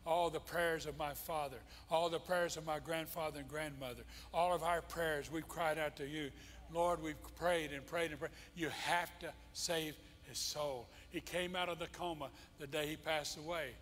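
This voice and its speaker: A man's voice: on the high side, fairly even intonation, normal speed, fairly bright tone. A male pastor preaching a sermon, impassioned and emphatic, repeating his key phrases. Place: church sanctuary. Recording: long church-hall reverb.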